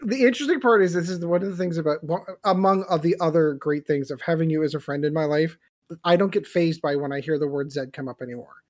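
Lively laughing podcaster. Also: mid-range voice. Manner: animated, quick to laugh, talks over others. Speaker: podcast co-host. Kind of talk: casual chat.

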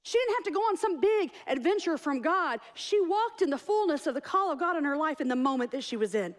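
A middle-aged woman, preaching a lively sermon as pastor and telling stories. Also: high voice, a little fast. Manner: animated, storytelling with acted-out quotes.

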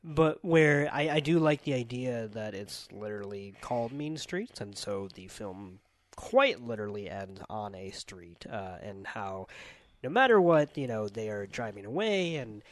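A man's voice: lowish voice, sing-song, measured pace, dry recording. A man co-hosting a podcast, talking through a film in a thoughtful, rambling way with many fillers. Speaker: podcast co-host. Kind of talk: casual film discussion.

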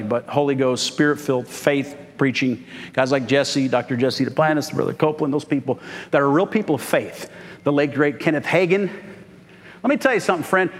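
A man's voice: fairly high pitch, big-room sound. A man pastor preaching a sermon, calling out for "Amen" from the congregation. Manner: call-and-response preaching, frequent "Amen?". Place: church sanctuary.

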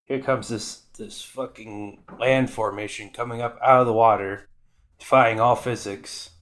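A man's voice: mid-range voice, steady tone, measured pace, fairly bright tone. A man hosting a podcast, casually recapping anime episodes with irreverent, profane asides. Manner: irreverent, swears freely, mock voices for characters.

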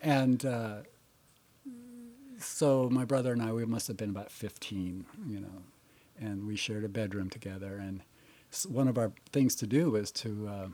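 A man's voice: on the low side, fairly even intonation, normal speed, dark tone. An older man telling family stories in casual conversation, laughing often and using many fillers. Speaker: interviewee. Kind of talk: casual storytelling.

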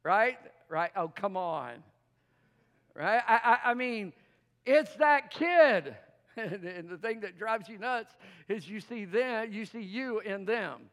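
A man with a high voice delivers a playful sermon at an unhurried pace, laughing often and pulling the congregation into call-and-response. His voice rings with the long reverb of a church sanctuary. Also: a bit bright. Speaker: pastor.

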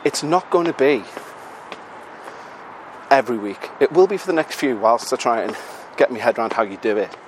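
A man's voice: mid-range voice, moderate pace, slight background noise. Breathless British man rambling outdoors. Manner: chatty, self-mocking, swears casually. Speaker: podcast host. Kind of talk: casual rambling chat while walking. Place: outdoors on a city street.

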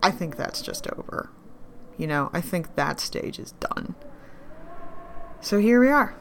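An actress plays a drunk, grieving, bitter woman in a heavily acted audio drama monologue, swinging between whispers and louder outbursts. Her voice is deep, the mood unsettled, and there's slight background noise.

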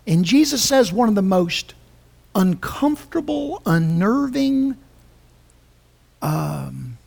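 Breathy woman preaching with passion. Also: fairly low pitch. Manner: impassioned, emphatic, with restarts. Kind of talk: sermon.

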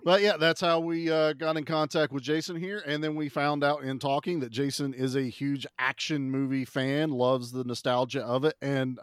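A man's voice: mid-range voice, fairly even intonation, normal speed, few pauses, clean tone, dry recording, studio quality. A man hosting a podcast in casual chat, rambling and playfully defensive. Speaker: podcast host.

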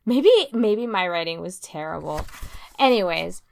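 Chatty young woman with a gravelly edge. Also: lowish voice, lively intonation, unhurried. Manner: chatty, laughs often, rambling with fillers. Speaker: podcast co-host. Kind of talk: casual chat.

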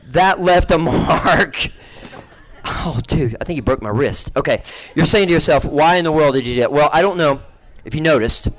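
A man runs a comic stage act, joking and coaxing his volunteers and the crowd. His voice sits a little high for a man, and it carries across a large stage in front of a live audience. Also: animated, normal speed, poor audio. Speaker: gospel magician.

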